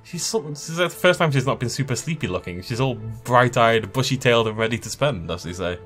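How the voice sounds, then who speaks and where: A man hosting a let's play, giving excitable gaming commentary and laughing often. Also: mid-range voice, brisk. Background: faint game music.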